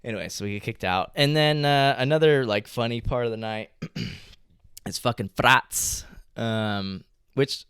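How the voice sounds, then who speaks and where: A young man from California co-hosting a podcast, telling stories in a casual chat with lots of swearing and lively acted-out quotes. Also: mid-range voice, unhurried, smooth, no echo, clean studio sound. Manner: animated storytelling, heavy swearing. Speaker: podcast co-host.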